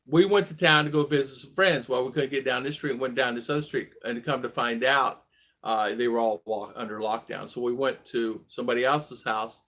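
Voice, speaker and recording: A man's voice: mid-range voice, bright, forceful tone. A man in his sixties casually telling a personal story on his vlog, rambling and restarting his sentences. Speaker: vlog host.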